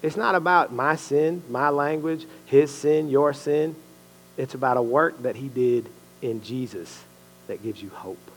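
A man with a gravelly voice and a middle pitch preaches in an easygoing, conversational way. He keeps checking in with his listeners, and his voice rings with a long echo from the hall around him. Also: measured pace. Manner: conversational, animated, uses "bro" and "right?". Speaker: lay preacher and coach. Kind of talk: casual sermon to a small group. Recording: echoey hall with long reverb.

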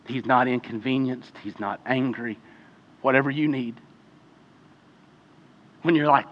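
A man's voice: medium pitch, measured pace, pauses often, muffled recording. Impassioned preacher man, echoing hall. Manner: impassioned, swings from hushed to loud. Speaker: pastor. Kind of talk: sermon. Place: church sanctuary. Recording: long hall reverb.

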